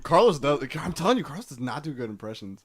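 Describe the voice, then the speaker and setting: A man's voice: on the high side, a crowd in the background. A young man co-hosting a podcast, chatting casually and teasing his friend. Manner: quick, animated, teasing. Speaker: podcast co-host. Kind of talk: casual chat.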